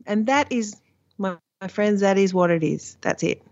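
A woman's voice: medium pitch, normal speed, a little mellow. A woman, an author guest in a casual conversation, telling stories candidly and swearing freely. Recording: slightly dull lo-fi line.

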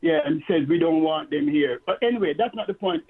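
A man's voice: a little high, expressive, gravelly, breathy edge. Stammering male caller on a tinny phone line. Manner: halting, stammering with many repeated words. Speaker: radio show caller. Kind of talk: call-in radio talk.

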